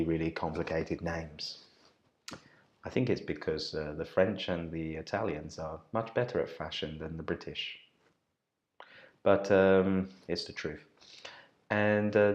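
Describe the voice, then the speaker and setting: A man teaching an online pronunciation lesson as an English teacher, repeating words slowly and carefully and talking directly to his viewers. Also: sits low. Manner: friendly direct address to viewers.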